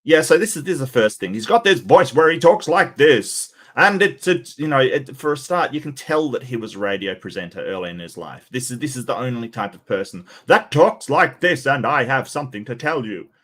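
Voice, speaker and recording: A man hosting a livestream, giving casual sarcastic commentary with many halting restarts. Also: mid-range voice, big pitch swings, a bit bright. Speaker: livestream host.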